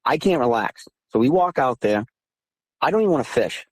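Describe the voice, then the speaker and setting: A man in his thirties from southeastern Massachusetts tells his story as an interview guest, calling in by phone. His delivery is emphatic and animated, rising in pitch as he relives the tense moments. The sound is dry and close, with an ordinary mid-range voice. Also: a little fast, dry recording. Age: 30s. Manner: animated, emphatic retelling, voice climbing when heated. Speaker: guest recounting encounters. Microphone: phone call.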